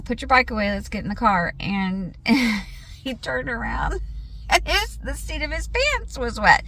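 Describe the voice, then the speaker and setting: A woman's voice: medium pitch, fairly bright tone. A woman vlogging in a chatty storytelling way, laughing often and acting out what was said. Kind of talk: casual vlog chat.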